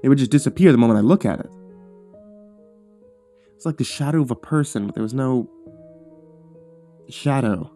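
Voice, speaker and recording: Male horror narrator, mid-range voice, measured and hushed delivery, faint music bed. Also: mid-range voice. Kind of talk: scripted first-person horror narration.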